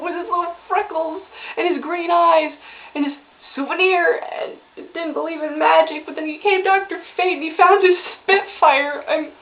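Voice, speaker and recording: High-voiced woman ranting, lo-fi sound. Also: steady tone, measured pace. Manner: impassioned, exclamatory, voice breaking when upset. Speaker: vlogger reviewing a cartoon finale. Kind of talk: emotional ranting review.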